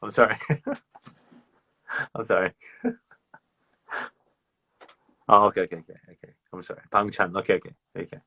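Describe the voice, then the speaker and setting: Aussie bloke on a phone live, low voice, swears a lot, dry close sound. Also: male voice, steady tone, fairly quick, long pauses, pushed and bright, breathy edge, no echo. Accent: Australian. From Australia. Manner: loose and profane, laughing, repeats words. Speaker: livestream host chatting with fans. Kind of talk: casual livestream chat.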